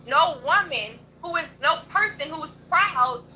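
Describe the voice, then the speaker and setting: A woman's voice: high voice, lively intonation, unhurried, pushed and bright, a little hiss or hum, low-quality recording. A young adult woman hosting a livestream, ranting in a blunt, profane, combative way. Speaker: livestream host. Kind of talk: heated livestream rant.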